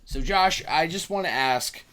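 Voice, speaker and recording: A man's voice: fairly high pitch, a little slow, pushed and bright, slight background noise. A man co-hosting a casual podcast chat with the hiccups, rambling and hedging with fillers. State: has the hiccups. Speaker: podcast co-host.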